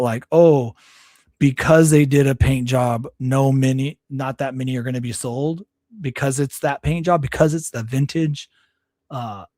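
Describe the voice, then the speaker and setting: A man's voice: a little high, dark tone, no room sound, studio quality. A man hosting a casual livestream, reading articles aloud and stopping often to reread and correct himself. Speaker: livestream host.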